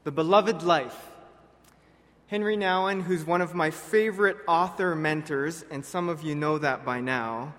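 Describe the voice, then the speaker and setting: A man preaching a sermon to his congregation, earnest and direct, often dropping soft on key words. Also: a little high, fairly even intonation, moderate pace, few pauses. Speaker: pastor. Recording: long reverb of a large hall.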